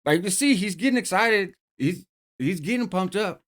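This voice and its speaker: A man's voice: high voice, animated, normal speed, a bit bright. A middle-aged man casually telling a story in streetwise slang, often checking in with "right?". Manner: streetwise slang, frequent "right?" tag questions. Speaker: host telling a prison story.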